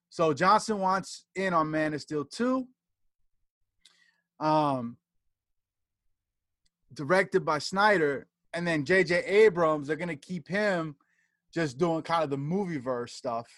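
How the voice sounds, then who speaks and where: A man's voice: a little high, fairly bright tone, dry recording. A man co-hosting a casual podcast chat, rambling and hesitant as he works through notes. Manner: rambling, hesitant, fillers while reading notes. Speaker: podcast co-host. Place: podcast studio in Atlanta.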